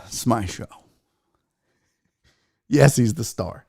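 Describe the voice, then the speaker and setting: A woman hosting a casual online show, talking straight to viewers as she unboxes a gift, excitable and swearing freely. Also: extremely low pitch, drawn-out words, gravelly. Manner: excitable and heavily profane; talks straight to the audience. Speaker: sports show host.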